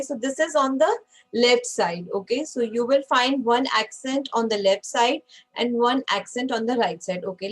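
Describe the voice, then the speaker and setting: A woman's voice: a little high, low-quality recording. A woman teaching an online French class, patient and checking in with frequent okays.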